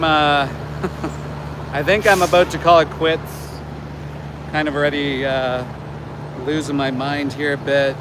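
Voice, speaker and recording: A Canadian man in his forties livestreaming as an animal rights activist outside a slaughterhouse, ranting with indignation and shouting at truck drivers. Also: a little high. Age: 40s. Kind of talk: live street vlog. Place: outdoors by a road outside a slaughterhouse. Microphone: phone held while livestreaming. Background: passing trucks and traffic.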